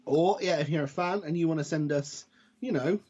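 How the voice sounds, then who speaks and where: A man with a slightly high, warm voice and a breathy edge talks briskly as a wrestling podcast co-host. The casual chat is rambling and full of jokes and self-corrections, captured on dull lo-fi audio.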